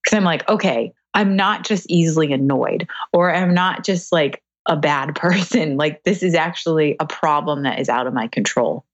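A woman's voice: low voice, moderate pace, few pauses, no echo, highs cut off. A woman guest in a casual podcast chat, talking candidly and laughing often.

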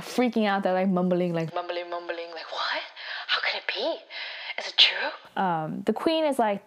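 A woman's voice: medium pitch, darkish tone. A young woman casually recapping a drama episode, talking in a chatty way full of "like" and acting out the characters' lines playfully. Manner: chatty, filler-heavy, playful quoting of characters.

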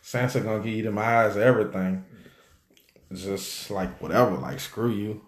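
A man co-hosting a casual chat, animated and joking, full of slang and drawn-out fillers. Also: fairly low pitch. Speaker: podcast co-host. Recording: roomy echo.

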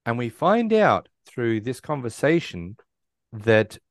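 A man's voice: mid-range voice, very animated, takes it slowly, creaky, dry recording, clean studio sound. A man co-hosting a casual film chat, retelling the plot with lots of restarts. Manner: rambling storyteller, many restarts and quoted lines. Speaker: podcast co-host. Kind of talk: casual movie recap chat.

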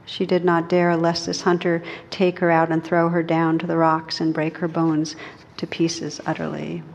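A woman's voice: sits low, completely flat delivery, moderate pace, vocal fry, a little hiss or hum. A woman meditation teacher talking casually to a group with self-amused laughter, then reading a story aloud. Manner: casual, laughs at her own asides. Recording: dull recording with a long hall echo.

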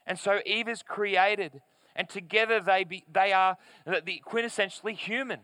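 Bright-voiced man preaching a sermon. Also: high voice, fairly even intonation, dry recording. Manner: earnest, emphatic preaching with deliberate pauses. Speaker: pastor. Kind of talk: sermon with scripture reading. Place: church service in front of a screen.

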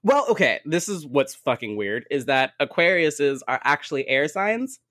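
A man's voice: on the high side, sing-song, normal speed, fairly bright tone. A man co-hosting a podcast in casual chat, laughing often, swearing freely and packing his talk with fillers. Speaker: podcast co-host.

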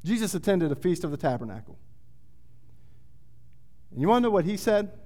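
A man's voice: high-pitched, big pitch swings, brisk, dark tone. A man preaching a sermon, reading scripture aloud and building in intensity. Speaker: pastor. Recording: long hall reverb.

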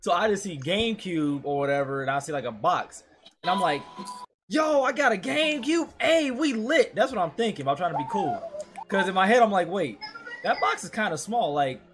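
A young man hosting a podcast, telling a story in an animated, profane way and laughing through it. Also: sits high, brisk, noisy background. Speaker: podcast host.

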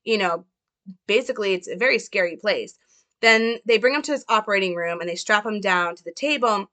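A woman's voice: mid-range voice, expressive, brisk, pushed and bright. A young woman talking casually as she analyzes a film, chatty and hedging. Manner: chatty, hedging, full of fillers. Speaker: film commentator.

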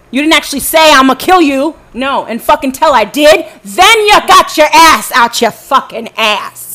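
A woman's voice: high-pitched, fairly bright tone. A woman from the States, telling her own story in an angry, profane monologue and often speaking straight to her listeners. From Southern United States. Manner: profane, confrontational, addresses listeners directly.

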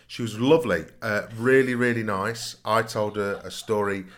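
A man's voice: lowish voice, fairly even intonation, moderate pace. A man, co-hosting a casual podcast chat, joking and teasing with bursts of laughter. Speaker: podcast co-host.

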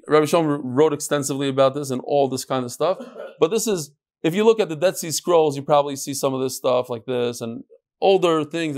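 A man teaching a Talmud class, asking and answering his own questions in an animated, rhetorical way. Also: a little high.

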